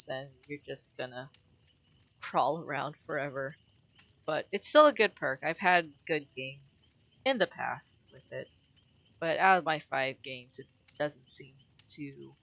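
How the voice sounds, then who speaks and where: A woman streamer giving casual gameplay commentary, excitable and quick to laugh, rambling and correcting herself as she reviews. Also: low voice, gravelly, no echo. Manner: excitable, shrieks and laughs at game moments.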